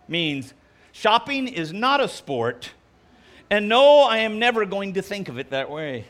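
A man preaching a sermon, delivering jokes in an animated, playful way before reading scripture. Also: high voice, a little slow. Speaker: pastor.

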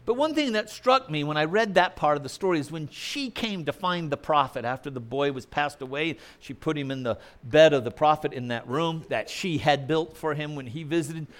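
A male preacher giving a sermon in a conversational way, putting questions to the congregation. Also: a little high.

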